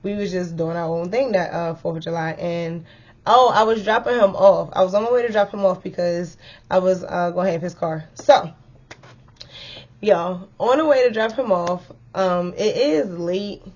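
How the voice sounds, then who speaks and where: A young woman chatting through a storytime vlog, animated and full of fillers, on a dull lo-fi recording. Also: fairly low pitch, normal speed. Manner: chatty and animated, filler-heavy, lively retelling.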